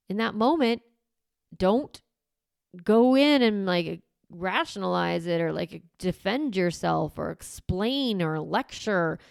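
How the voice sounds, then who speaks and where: A woman host coaching parents in a relaxed podcast chat. Her mid-pitched voice carries a touch of vocal fry. She bounces into little role-played lines to a child, recorded close and dry with no room sound. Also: a little slow, dry recording. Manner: animated, acts out what she would say to a child.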